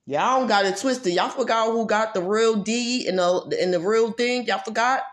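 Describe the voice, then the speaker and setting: Heated, profane woman ranting. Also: normal speed. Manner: profane, emphatic, repeats phrases for force; swings between loud outbursts and low muttering. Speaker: vlogger.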